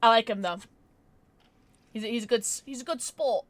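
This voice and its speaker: A woman streamer chatting casually while playing chess, excitable and giggly, with squeals and hushed mutters. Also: on the high side, moderate pace, no room sound.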